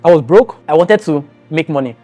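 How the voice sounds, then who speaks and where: A young adult man from Nigeria tells his life story straight to his viewers in an earnest, emotional storytime vlog. His voice is fairly high-pitched and mellow with lively intonation, he talks fairly quickly, and faint music plays behind him.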